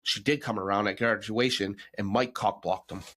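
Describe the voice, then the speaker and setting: A man co-hosting a podcast in casual chat, talking bluntly with mocking, animated rants. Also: fairly low pitch, moderate pace. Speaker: podcast co-host.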